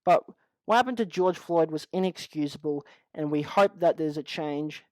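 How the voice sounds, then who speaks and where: A man's voice: on the high side, normal speed, darkish tone, no room sound, poor audio. A young man with an Australian accent, upset, ranting in a vlog monologue, swearing constantly and restarting his sentences. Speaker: channel host.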